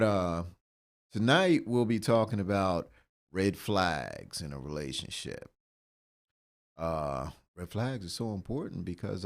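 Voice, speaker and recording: Deep gravelly guy hosting a podcast, upbeat, lots of uhs. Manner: upbeat, with frequent uh fillers. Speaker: podcast host. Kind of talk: casual podcast chat.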